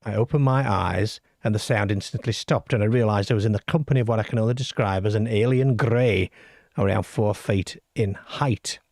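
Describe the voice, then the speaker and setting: A middle-aged or older man hosts a late-night paranormal call-in show, reading listener stories aloud and trading wry, self-deprecating banter with his live chat. His voice is lowish and darkish, delivered at a moderate pace. The recording is clean studio sound with no room ambience.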